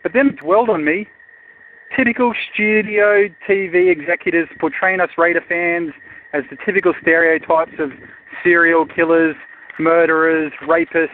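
Australian man, caller, sardonic rambling, slightly high voice, tinny phone line, faint hiss.

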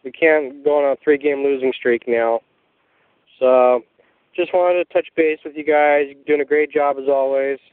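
A man's voice: mid-range voice, steady tone, normal speed, clean tone, dry recording. A man phoning in to a radio show, casual and wry. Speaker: caller. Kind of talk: phoned-in voicemail. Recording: tinny phone line.

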